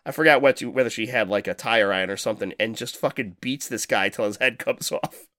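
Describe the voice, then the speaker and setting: A man's voice: on the low side, brisk, pushed and bright, no echo, studio quality. A man co-hosting a podcast in casual chat, rambling and swearing as he talks, laughing often. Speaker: podcast co-host.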